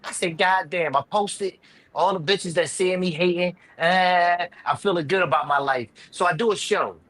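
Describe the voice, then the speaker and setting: A man with a fairly high voice hosts a casual live panel and tells a profane story from home. His delivery is animated and jumpy, and his pitch leaps up and drops low as he acts out each moment. He sounds a little drunk. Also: moderate pace, dry recording, poor audio. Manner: animated, profane, swings loud and quiet while telling stories. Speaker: live show panel host.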